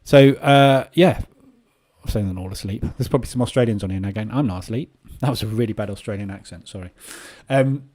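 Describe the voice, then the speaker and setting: A man's voice: lowish voice, brisk, darkish tone. A man hosting a live trading session, talking casually and rambling with many filler sounds. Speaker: trading room host. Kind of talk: live market commentary.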